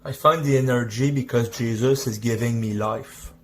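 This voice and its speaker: A man explaining scripture in a preaching style, halting and restarting mid-sentence. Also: mid-range voice, steady tone, fairly bright tone. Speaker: Bible teacher on a video clip.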